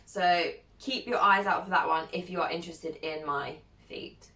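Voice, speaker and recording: A young woman, a content creator, chatting casually as she reads viewer questions aloud and answers them, giggling often and filling pauses with lots of ums. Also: lowish voice, bright, forceful tone. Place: at home, sitting alone. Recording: roomy sound from a distant mic.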